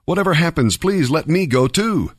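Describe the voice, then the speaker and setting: A man's voice: medium pitch, animated, moderate pace, dry recording, studio quality, close to an everyday voice. A man reading the lines of an eager young messenger who pleads to be sent.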